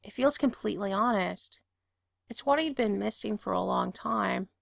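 A woman calmly reading a story aloud in a steady storytelling voice. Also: medium pitch, normal speed, gravelly, no echo, studio quality. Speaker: narrator. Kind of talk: reading fan fiction aloud.

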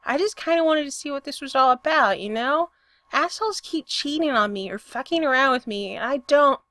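Woman voicing a brash, loud young rocker girl. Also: high-pitched, lively intonation, fairly quick, no room sound, pitched above the performer's own voice. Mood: exasperated. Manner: loud, exasperated, profane.

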